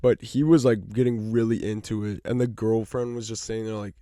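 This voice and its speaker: A man's voice: fairly low pitch, brisk, no room sound, clean studio sound. A man co-hosting a podcast, telling a story in casual chat and acting out the people in it, swearing freely. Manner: animated, acts out the people in his stories, swears freely. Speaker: podcast co-host.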